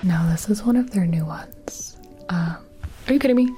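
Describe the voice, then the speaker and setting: A woman's voice: lowish voice, normal speed, mellow, faint music behind. A young woman doing ASMR outtakes in whispered role-play, giggly and goofy, often breaking character. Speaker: ASMR creator.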